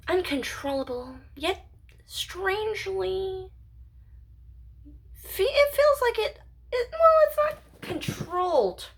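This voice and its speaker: A high-voiced woman muses aloud in a slow, unhurried ramble, her pitch swooping up and down. She slips into whispers and giggles as she wonders, talking to herself at home. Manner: musing, drifts into whispers and giggles. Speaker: channel owner. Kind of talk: rambling philosophical monologue.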